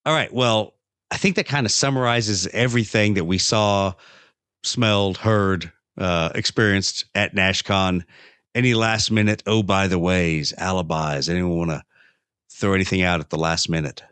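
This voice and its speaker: A man's voice: deep voice, normal speed, a bit bright, smooth, dry recording. A man hosting a casual podcast chat, rambling and joking with plenty of fillers and restarts. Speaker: podcast host.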